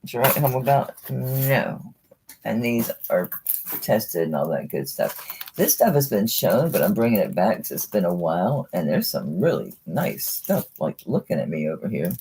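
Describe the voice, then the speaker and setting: A woman running a live jewelry sale, chatting excitedly and talking to the pieces she pulls out. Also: rumbling low, moderate pace, a little hiss or hum. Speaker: online jewelry seller. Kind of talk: live-stream sales chat.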